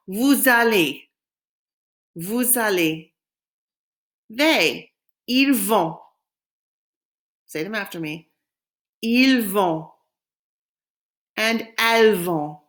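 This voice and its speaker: A woman recording a French lesson, pronouncing phrases slowly and clearly so learners can repeat them. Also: mid-range voice, fairly bright tone. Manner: slow, clear modeling of French phrases for repetition. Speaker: French teacher.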